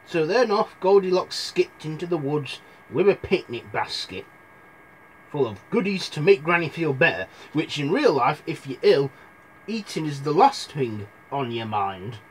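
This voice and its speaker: A man's voice: on the high side, big pitch swings, unhurried, slight background noise. A young man telling fairy tales in a rambling, irreverent comic retelling, full of asides. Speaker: storyteller.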